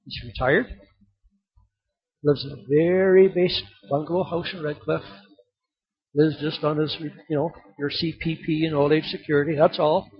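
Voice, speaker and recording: Very husky-voiced pastor preaching. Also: male voice, a little high, steady tone, moderate pace, lo-fi sound. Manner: storytelling, building to loud exhortation. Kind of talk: sermon.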